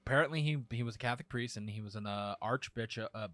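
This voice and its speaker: A man hosting a casual comedy podcast, brash and excitable, cursing freely. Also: medium pitch, fast talker, no echo. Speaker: podcast host.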